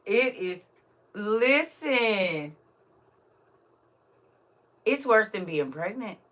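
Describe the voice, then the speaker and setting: A middle-aged woman hosts a live stream, chatting casually with viewers in a mid-range voice at an extremely slow pace. She is emotional and animated, laughs a lot, and swings between quiet musing and loud exclamations.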